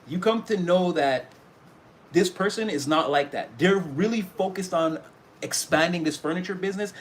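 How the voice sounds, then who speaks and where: A man's voice: fairly high pitch, a little hiss or hum. A man giving a casual spoken tarot reading, rambling and loose, with many fillers and restarts. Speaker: tarot reader.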